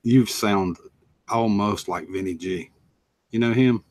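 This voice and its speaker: A man's voice: lowish voice, slow, darkish tone, no room sound. A man from North Carolina with a Southern American accent, hosting a casual live stream chat in a folksy, drawling way. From North Carolina, USA. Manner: folksy, drawling, greets viewers.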